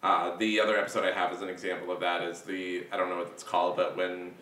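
Rambling male co-host, bright tone, a little distant from the mic. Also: deep voice, quick pace. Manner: animated, rambling, filler-heavy, laughs often. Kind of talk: casual chat. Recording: echoey room, mic at a distance.

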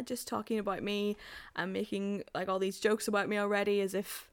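A young woman from Northern Ireland, a podcast co-host, telling a story in casual chat and acting out quotes in high, excited voices. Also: moderate pace, no echo. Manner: animated storyteller, acts out quotes in high voices, laughs often.

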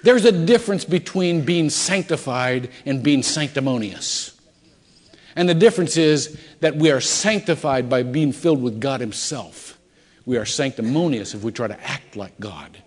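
Middle-aged man, pastor, conversational sermon with big dynamic swings, recorded in a reverberant church sanctuary. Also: a little high. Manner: conversational storytelling with dramatic swings in loudness. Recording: echoey church hall.

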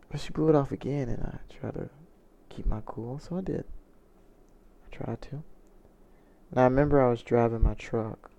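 A man's voice: mid-range voice, normal speed, gravelly, pauses often, dark tone. A man telling a personal story in a confessional vlog, earnest and reflective, often restarting his sentences. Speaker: vlogger.

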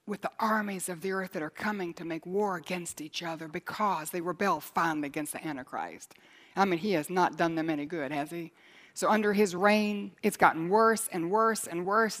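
A woman preaching a sermon, moving between hushed near-whispers and loud, emphatic passages. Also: medium pitch, normal speed.

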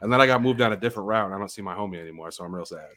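A man in casual podcast chat, telling a story with animated, loud bursts and laughs. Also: low voice, racing.

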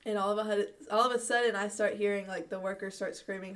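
A woman's voice: mid-range voice, fast talker, hardly any pauses, fairly bright tone. Young woman rambling thru a story, laughs a lot, mic a bit far off. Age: young adult. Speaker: guest. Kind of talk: casual chat.

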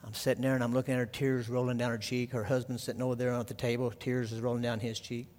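A man preaching a sermon as pastor, telling a story quietly and then building to loud, fervent preaching. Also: medium pitch, flat delivery, fast talker, big-room sound.

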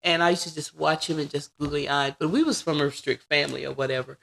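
A woman in her forties, a podcast guest, telling personal stories in a casual, animated way and acting out what people said. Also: low-pitched, quick pace, creaky. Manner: animated, acts out quoted dialogue. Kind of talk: casual interview storytelling.

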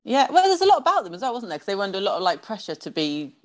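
A woman's voice: mid-range voice, huge pitch swings, racing. A woman co-hosts a podcast with giggly, self-deprecating chatter. Her voice swoops up and down a lot as she talks. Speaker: podcast co-host. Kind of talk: casual chat.

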